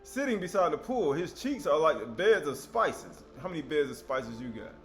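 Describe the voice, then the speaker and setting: A man's voice: a little high, big pitch swings, moderate pace, faint music behind. A man preaching an informal sermon, reading scripture and breaking into conversational asides and rhetorical questions.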